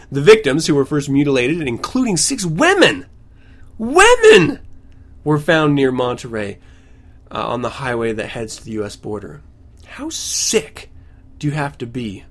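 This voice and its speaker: A man's voice: mid-range voice, animated, normal speed. A man hosting a podcast at home, reading news stories aloud and breaking off into sarcastic, ranting asides. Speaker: podcast host.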